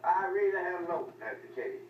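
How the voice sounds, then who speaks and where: A man's voice: high voice, sing-song, normal speed, muffled recording. An older man, telling rambling folksy stories in a loose, drawling way. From Arkansas. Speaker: storyteller. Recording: echoey, mic far off, faint noise.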